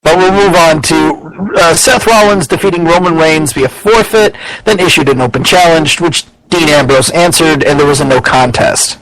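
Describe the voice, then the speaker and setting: A man's voice: on the high side, moderate pace, hardly any pauses, fairly bright tone, rough recording. A man co-hosting a casual podcast, rambling and opinionated, swearing freely and restarting his sentences often. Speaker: podcast co-host. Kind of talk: casual wrestling podcast chat.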